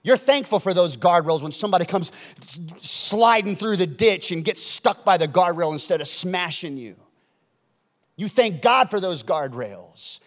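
A man preaching a sermon as pastor, acting out stories with sudden shouts and then dropping soft. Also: high voice, expressive, normal speed. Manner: dramatic, shouts and acts out stories, swings loud to soft. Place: large church hall. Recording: long hall reverb.

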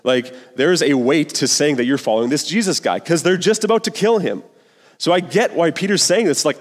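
A man's voice: on the high side, lively intonation, moderate pace, in a large hall. A male pastor giving a sermon in an earnest, conversational way, full of casual slang.

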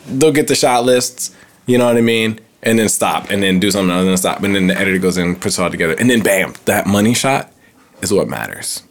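A man's voice: on the low side, animated, quick pace. A man in casual chat, telling rambling stories with lots of filler.

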